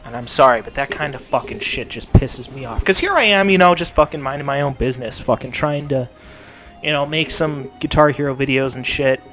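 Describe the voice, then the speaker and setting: Young man, ranting vent, heavy swearing, mutters then shouts, sore mouth, middle pitch, faint music behind. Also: a little fast. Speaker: gaming channel host. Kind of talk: angry vent to camera.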